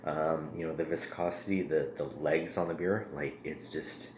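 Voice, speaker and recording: Very deep-voiced man reviewing a beer. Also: moderate pace. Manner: relaxed and rambling, many ums and uhs. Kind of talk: casual beer review vlog. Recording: echoey room with faint ambient noise.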